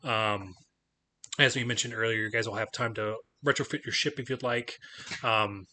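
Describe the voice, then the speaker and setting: A man's voice: lowish voice, steady tone, normal speed, sharp tone. A man acting as game master, chatting loosely with lots of "like" fillers, then narrating the scene for his players. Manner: loose, filler-heavy talk with frequent laughs. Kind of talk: casual chat and game narration.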